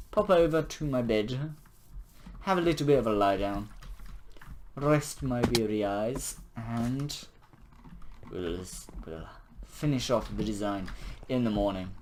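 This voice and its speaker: Slow, playful man narrating a game. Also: mid-range voice, animated, a little mellow, slight background noise. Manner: playful, mock-grand asides. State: losing his voice. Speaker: game video creator. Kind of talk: casual game commentary.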